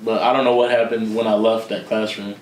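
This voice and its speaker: A man's voice: fairly low pitch, flat delivery, fairly quick, a little hiss or hum. A young man from Philadelphia, a podcast co-host with that city's accent, telling a personal story in a candid, casual way, laughing and swearing freely. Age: young adult. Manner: candid, laughing, loose with profanity. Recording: echoey room.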